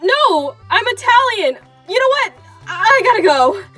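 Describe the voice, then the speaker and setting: A woman voicing an excitable man who gets indignant and keeps repeating himself in a toy figure drama. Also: extremely high pitch, a little slow, faint music behind, exaggerated voice. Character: excitable man, touchy about being called French.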